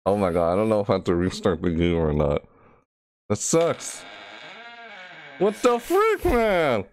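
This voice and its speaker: This gameplay commentator plays a horror game in VR, frustrated and on edge, regularly letting out panicked shrieks and yelps. His voice runs on the low side with wildly swooping pitch, a little slow, over slight background noise.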